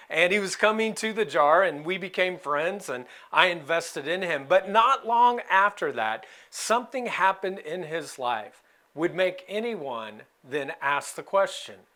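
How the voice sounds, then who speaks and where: Animated, bright-voiced man preaching. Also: high-pitched. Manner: expressive and conversational, with playful asides. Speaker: pastor. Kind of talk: sermon.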